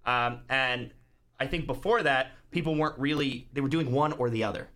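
A man's voice: mid-range voice, moderate pace, bright, forceful tone. A man guest on a podcast, talking casually and acting out movie scenes in quoted voices. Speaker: podcast guest, YouTuber and author. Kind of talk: casual chat.

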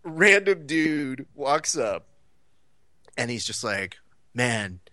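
A man's voice: on the high side, slow pace, no room sound, clean studio sound. A man co-hosting a podcast, telling a story in casual chat and acting out the people in it. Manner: animated, acts out the people in his stories. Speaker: podcast co-host.

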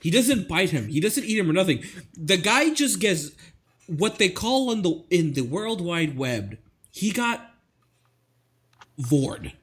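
A man co-hosting a podcast with a husky, slightly raised voice that rises and falls freely. He talks slowly and sounds incredulous and profane as he jokes. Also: high voice, very animated, fairly bright tone. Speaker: podcast co-host. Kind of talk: casual comedic chat.

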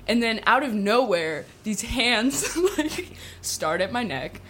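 A woman whose voice is on the high side takes her time telling a funny personal story to a small group, with slight background noise. The guest storyteller laughs frequently, says "like" a lot, and peppers her tale with animated asides.

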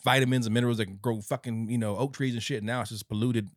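A man co-hosting a podcast, chatting casually about a movie, profane and animated, often laughing as he tells the story. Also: mid-range voice, fast, no room sound, clean studio sound. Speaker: podcast co-host. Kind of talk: casual movie review chat.

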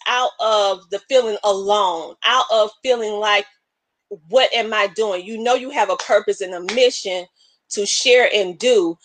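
A woman's voice: medium pitch, no echo. A woman hosting a live stream, talking casually, emotional and preacher-like. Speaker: live show host. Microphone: webcam.

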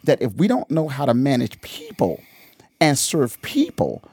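A man hosting a podcast, talking casually about church and drifting into preaching, animated, laughing often and repeating phrases for emphasis. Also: medium pitch, unhurried, husky, no room sound, studio quality.

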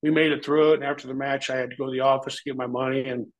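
A man's voice: mid-range voice, rapid-fire, low-quality recording. A man guest in an interview, telling stories casually and animatedly, laid-back and profane. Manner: animated, acts out quoted voices. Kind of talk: casual storytelling.

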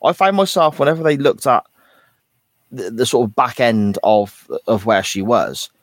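A man's voice: medium pitch, normal speed, no echo, clean studio sound. A man co-hosting a podcast, thinking aloud and second-guessing himself while discussing a TV episode. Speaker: podcast co-host. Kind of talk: casual chat reviewing a TV episode.

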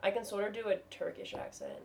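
A woman's voice: medium pitch, wildly swooping pitch, fast. A woman comic chatting casually as a podcast guest, swearing freely and acting out little quoted voices. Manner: profane, jokey, acts out quotes in put-on voices. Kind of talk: casual chat.

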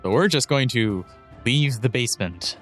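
A man's voice: mid-range voice, expressive, normal speed, faint music behind. A man in casual tabletop role-play, level-headed and keeping the group on task. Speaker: player.

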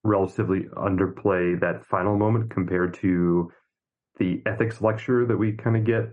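A man co-hosting a podcast, chatting about a film in a relaxed, wry way. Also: sits low, normal speed, phone-quality sound. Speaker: podcast co-host. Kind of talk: casual film discussion.

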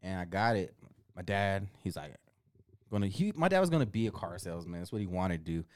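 A young man co-hosting a podcast, telling stories in a laid-back, swearing style that grows loud when he is indignant. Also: deep voice, big pitch swings, a little fast, no room sound. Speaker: podcast co-host. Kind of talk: casual chat.

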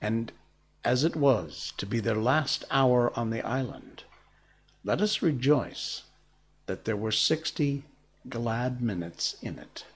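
A man reading a classic children's story aloud in a gentle, breathy voice. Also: mid-range voice, animated, takes it slowly. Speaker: narrator.

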